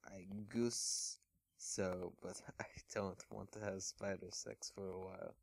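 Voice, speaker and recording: A man's voice: deep voice, little pitch movement, slow pace, creaky, no room sound, full character voice. Twilight Spider, a timid pony-turned-spider girl, read by a man. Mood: unsure. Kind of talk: casual read-aloud of fan fiction.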